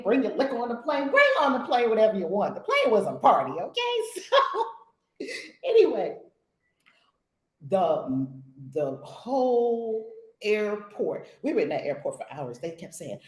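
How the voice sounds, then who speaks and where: A woman from the United States leading a spiritual community session, telling stories in an expressive, blunt, sometimes profane way. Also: medium pitch, a little fast, reverberant, poor audio. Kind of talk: animated storytelling talk.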